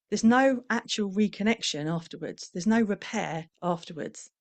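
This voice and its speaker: A middle-aged woman with a lowish voice talks to fellow professionals about parenting in a candid, reflective way. She briefly acts out the quoted parents and children as she goes. The sound is dry and close, with no room echo. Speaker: parenting trainer. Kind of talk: conversational talk to professionals.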